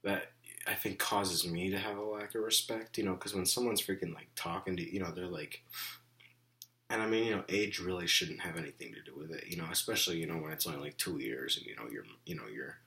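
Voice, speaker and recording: Young guy ranting about stuff, low voice but kinda bright, lots of "you know" and "like". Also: brisk, vocal fry. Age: young adult. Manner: rambling, heavy on fillers like "you know" and "like"; frustrated, indignant. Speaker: vlogger. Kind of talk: casual venting monologue.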